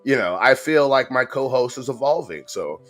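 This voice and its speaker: A man co-hosting a casual livestream chat, jokey and profane, talking in quick bursts. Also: mid-range voice, animated, a bit bright, soft background music. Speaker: co-host.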